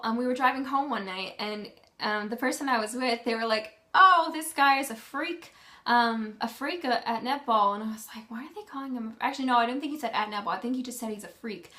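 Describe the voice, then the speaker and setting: Young woman, casual vlog chat, slightly high voice, rambling, filler-heavy. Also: creaky, a bit bright. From Canada. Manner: rambling, lots of ums and self-corrections. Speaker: vlogger.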